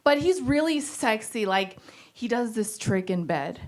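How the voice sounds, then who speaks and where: A woman with a high voice works a stand-up crowd on a stage mic. She talks animatedly, swings into exaggerated quoted voices, and laughs at her own jokes. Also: animated, unhurried. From Pakistan. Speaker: stand-up comedian. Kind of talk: stand-up set. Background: audience laughter.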